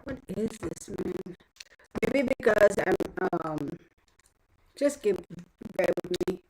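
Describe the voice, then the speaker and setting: A woman of medium pitch hosts a casual home livestream on her phone, animated but taking it slowly. The audio is poor, with a darkish tone and a little hiss or hum, and she's chatty, muttering to herself as she sets things up.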